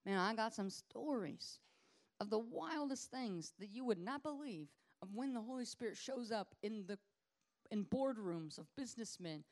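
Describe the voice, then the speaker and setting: A woman ministry leader giving an informal teaching sermon in a lively, conversational way, acting out the people she talks about. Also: on the high side, moderate pace. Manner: lively conversational preaching, acts out quoted people.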